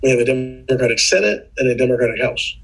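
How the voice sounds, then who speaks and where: Husky man explaining policy earnestly. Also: mid-range voice, level tone, fast talker, fairly bright tone, rough recording. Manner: earnest, explanatory, with frequent restarts. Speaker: podcast guest. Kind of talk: casual political chat.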